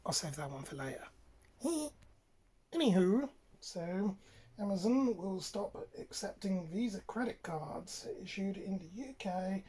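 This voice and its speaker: A woman's voice: lowish voice, dark tone, husky. A British woman vlogging in a mock-posh put-on voice, swearing and chuckling as she reacts to the news. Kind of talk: comic news-reaction vlog.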